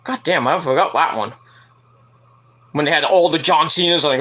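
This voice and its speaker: A man's voice: a little high, normal speed, long pauses, sharp tone. A man hosting a casual wrestling news show, rambling and profane, laughing at his own jokes. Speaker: podcast host.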